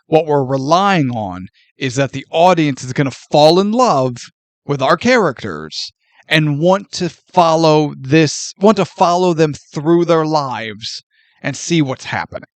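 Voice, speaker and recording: A man co-hosting a movie podcast, chatting casually and acting out quoted lines with lively laughter. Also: fairly high pitch, measured pace, no echo. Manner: animated, laughs often, acts out quoted lines. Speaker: podcast co-host.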